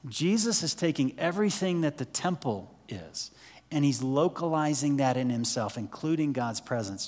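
Male pastor, slightly high voice, conversational sermon delivery with hushed emphasis; long church reverb. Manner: conversational preaching, asks listeners questions, drops to near-whisper for emphasis.

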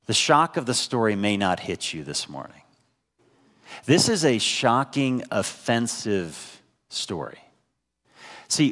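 A man's voice: mid-range voice, a bit bright, in a large hall. A man preaching a sermon with a head cold, talking conversationally and asking the congregation rhetorical questions. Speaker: pastor. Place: church sanctuary.

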